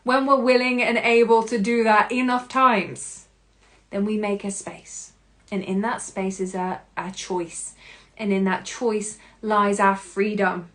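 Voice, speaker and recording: A woman hosting a podcast, giving an expressive self-help monologue and often breaking into laughter. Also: medium pitch, unhurried. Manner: expressive, laughs often, acts out her own inner voice. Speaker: podcast host.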